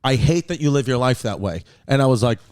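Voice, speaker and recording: A man's voice: mid-range voice, lively intonation, brisk, a little mellow. A man hosting a comedy podcast, telling long rambling stories in casual chat and quoting others along the way. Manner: rambling storyteller, quotes his mother. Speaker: podcast host.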